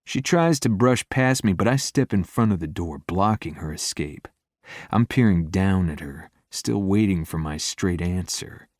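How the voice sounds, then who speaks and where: A man narrating a first-person romance audiobook in a low, intimate delivery. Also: measured pace, darkish tone, dry recording, clean studio sound.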